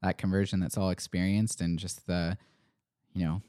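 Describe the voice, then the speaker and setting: Low-voiced male podcast host, thinking aloud. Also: flat delivery, normal speed, mellow, smooth, dry recording, clean studio sound. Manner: thoughtful, rambling, many fillers and restarts. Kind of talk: casual chat.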